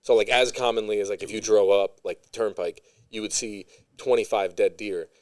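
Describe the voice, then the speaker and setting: A man's voice: steady tone, normal speed, darkish tone. A man from Pennsylvania, a comedian guest, chatting casually on a podcast, rambling and swearing freely. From Scranton, Pennsylvania. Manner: profane, rambling, trails into low asides.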